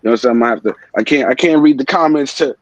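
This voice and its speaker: A man's voice: mid-range voice, rapid-fire, no echo, muffled recording. A man hosting a morning livestream show, talking loosely in slang and often repeating himself. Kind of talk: casual livestream chat.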